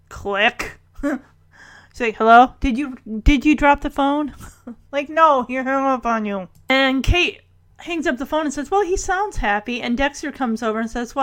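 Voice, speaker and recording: A woman casually recapping a TV episode, laughing often and acting out the characters' lines in quick voices. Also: on the high side, a bit bright.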